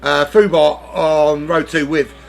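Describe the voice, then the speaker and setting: A man's voice: on the high side, flat delivery, slow, vocal fry. A man giving casual live commentary on a sim race, rambling and joking as he hosts the lobby. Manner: rambling, jokey, self-interrupting.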